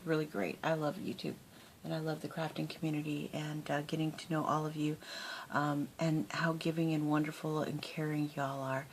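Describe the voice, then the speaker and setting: A woman's voice: low voice, a little hiss or hum. A woman chatting casually to her camera as a crafting vlogger, rambling and laughing often.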